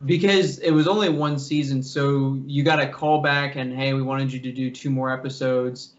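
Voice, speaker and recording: A man interviewing a guest in a relaxed, chatty way. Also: mid-range voice, normal speed, muffled recording. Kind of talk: casual interview chat.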